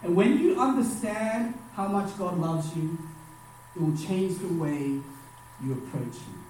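A man preaching to young people, emphatic, rising on key phrases and dropping his voice low at the end of each line. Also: unhurried, a little mellow, slight background noise. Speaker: youth pastor. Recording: far-off mic in a very echoey hall.

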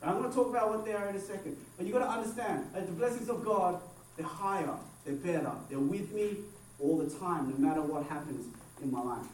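A man preaching a sermon, animated, acting out quotes and swinging from loud to hushed. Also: high-pitched, a little fast. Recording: echoey room, mic at a distance, faint background noise.

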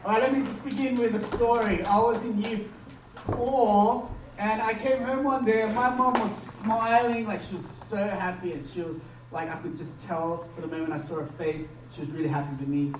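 A man's voice: high-pitched, fairly even intonation, normal speed, noisy background. A young man preaching a sermon as pastor, chatty and conversational, checking in with the congregation with "right?" as he tells stories. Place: church hall. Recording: echoey hall, voice from far off.

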